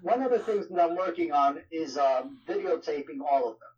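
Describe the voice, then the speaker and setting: A man with a New York accent speaks as an interview guest, his voice sitting a little high. He talks loosely and conversationally, leaning on filler phrases. The audio sounds dull and lo-fi. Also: expressive, a little fast, noisy background. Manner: conversational, frequent "you know" fillers. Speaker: guest, ministry leader. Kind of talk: casual interview talk.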